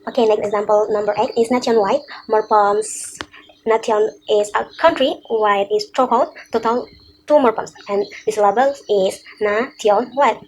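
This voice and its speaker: A young woman gives a student class presentation, reading from notes and working slowly and deliberately through examples one by one. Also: mid-range voice, steady tone, a little hiss or hum, rough recording.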